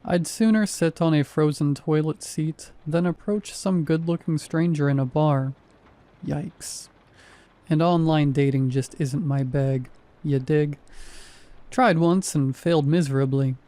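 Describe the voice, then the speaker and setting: A man's voice: fairly high pitch, steady tone, a little slow, dark tone, no echo. Wry male horror story narrator. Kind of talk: scripted first-person horror narration.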